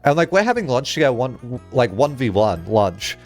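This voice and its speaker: A man's voice: mid-range voice, big pitch swings, moderate pace, faint music behind. A male streamer chatting casually while playing a game, rambling through a story with lots of "like" and swearing.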